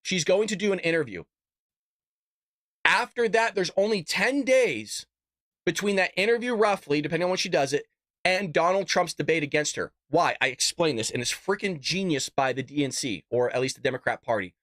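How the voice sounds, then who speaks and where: A man's voice: on the high side, lively intonation, moderate pace, a bit bright, no room sound, clean studio sound. A man hosting an unscripted political commentary livestream, talking in a fired-up, sarcastic rant. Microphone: desk microphone and camera.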